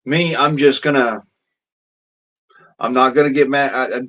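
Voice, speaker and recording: A man's voice: medium pitch, steady tone, measured pace, bright, forceful tone. Swearing man ranting on a lo-fi phone. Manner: heavy swearing, blunt and rambling. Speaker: vlogger. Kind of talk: angry ranting vlog.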